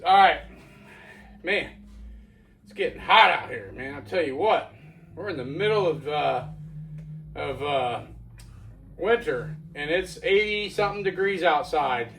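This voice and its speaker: A man's voice: a little high, expressive, a little slow, long pauses, a bit bright, distant mic, rough recording. Folksy man reviewing beer outdoors. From Florida. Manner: rambling, folksy, loose. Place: outdoors at night.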